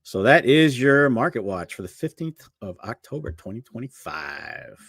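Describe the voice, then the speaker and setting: A man's voice: mid-range voice, very animated, a bit bright, husky, no room sound, studio quality. A man co-hosting a casual livestream chat, reading out market prices and talking loosely with his partner. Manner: chatty, reads market prices off quickly. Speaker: co-host of a livestream show.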